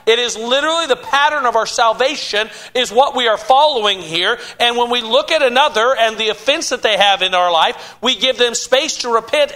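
A man's voice: extremely high pitch, sharp tone. A man pastor preaching a sermon, with frequent stammered restarts and an emphatic preaching cadence.

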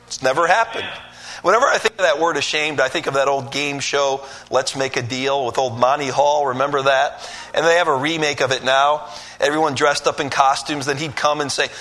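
Bright, animated male preacher. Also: mid-range voice, brisk. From Michigan. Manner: animated storytelling with voiced asides, rising to emphatic peaks. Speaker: pastor. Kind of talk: sermon.

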